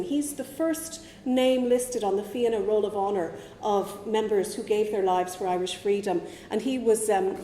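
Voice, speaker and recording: A woman's voice: medium pitch, dark tone, slight background noise. Woman lecturing in an echoey hall. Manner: chatty, digressive, with asides. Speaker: historian giving a public talk. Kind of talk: public lecture. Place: museum talk room.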